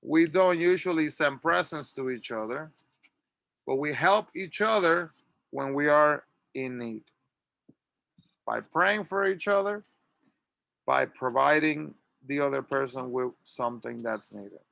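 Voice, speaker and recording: A man teaching an English grammar lesson, reading model sentences slowly and clearly for students to repeat. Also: a little high, a bit bright, dry recording. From Latin America. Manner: slow, drawn-out model sentences.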